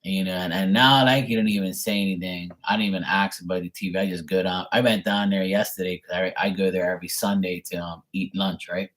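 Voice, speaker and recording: A man's voice: low voice, steady tone, brisk, hardly any pauses, a bit bright. A middle-aged man reading tarot on a live stream, telling a rambling family story in casual chat, swearing and mimicking his relatives. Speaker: tarot reader.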